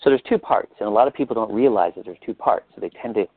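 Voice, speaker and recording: A man with a low, gravelly voice leads a coaching session, asking patient, probing questions. The sound is dry and tinny, like a call line. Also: fast talker, dry recording. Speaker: life coach leading a session.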